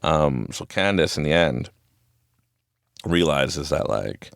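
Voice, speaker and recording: A man with a very low, gravelly voice rambles through a casual motivational talk, his pitch swinging up and down a lot as he goes. He hosts a podcast from a small closet and laughs often, and the sound is close and dry with no room echo. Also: animated, takes it slowly. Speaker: podcast host.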